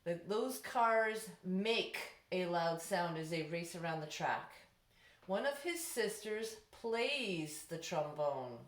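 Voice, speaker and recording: A middle-aged woman teacher giving a patient step-by-step grammar lesson to young students over distance learning. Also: on the low side. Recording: echoey room.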